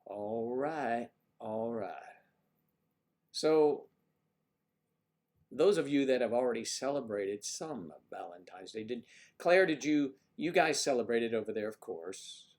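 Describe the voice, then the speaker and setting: A man's voice: medium pitch, lively intonation, takes it slowly, pauses often, darkish tone. A man hosting a casual livestream, rambling playfully and greeting viewers by name. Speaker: livestream host.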